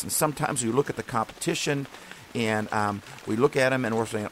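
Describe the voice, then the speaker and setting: A man's voice: medium pitch, normal speed, a bit bright, slight background noise. A man hosting a podcast, giving a casual devotional talk in an earnest, encouraging way that rambles and restarts often. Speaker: podcast host.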